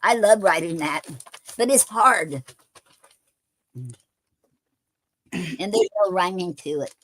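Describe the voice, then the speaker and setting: A woman hosting a poetry show, explaining a poem form in halting casual talk with many fillers and restarts. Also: fairly low pitch, lively intonation, fairly bright tone. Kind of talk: casual live-stream chat.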